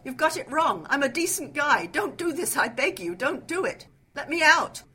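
A trapped man pleads at the top of his voice, pitched high and frantic. A woman reading the story voices him over a faint background hiss. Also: very animated, moderate pace, exaggerated voice. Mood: desperate, pleading. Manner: pleading, shouting. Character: desperate trapped young man.

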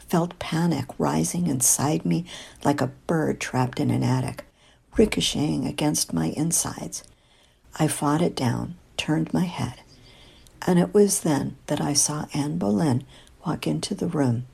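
An older woman narrates a first-person story in a wry, confiding way, slipping into whispers at times. Her voice is low and dark, with a strong gravelly fry and a husky, breathy grain. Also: a little slow. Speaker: audiobook narrator.

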